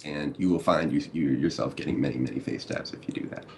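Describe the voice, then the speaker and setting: A man's voice: extremely low pitch, quick pace, creaky, slight background noise. A young man chatting casually as a podcast guest, laid-back and explaining things step by step. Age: young adult. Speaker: guest gamer.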